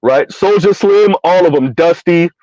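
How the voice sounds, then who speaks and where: A middle-aged commentary vlogger with a high-pitched, slightly mellow voice rants unhurriedly in a casual, comedic way, laughing often and giving his repeated punchline a sing-song lift. The recording is dry, dull and lo-fi, with no room sound.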